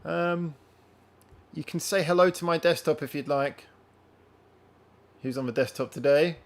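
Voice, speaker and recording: A man's voice: on the high side, measured pace. A man hosting a casual live-stream chat from home, rambling and chatting directly to his viewers. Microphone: wearing headphones.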